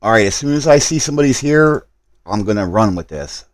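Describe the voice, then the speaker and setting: A man's voice: fairly low pitch, expressive, a little fast, no room sound. A man live streaming a game, talking to his chat while he hurries through setup and apologizes for his mistakes.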